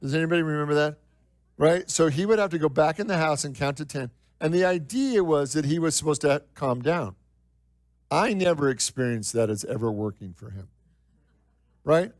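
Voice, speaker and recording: Conversational preaching man, slightly high voice. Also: expressive, no room sound. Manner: conversational preaching, with rhetorical questions to the congregation; repeats phrases for emphasis, slows down for key lines. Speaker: minister. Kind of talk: sermon. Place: church.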